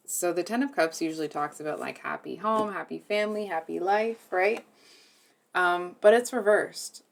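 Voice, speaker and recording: In a low, soft voice, a woman guides her viewers through a tarot reading. She hesitates often, restarting and filling gaps while she hunts for the right words. Throughout, she stays earnest and deeply moved.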